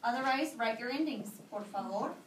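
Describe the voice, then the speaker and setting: A woman teaching a high school Spanish class, drilling students with call-and-response prompts in English and Spanish. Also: a little fast. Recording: echoey classroom from far off, faint noise.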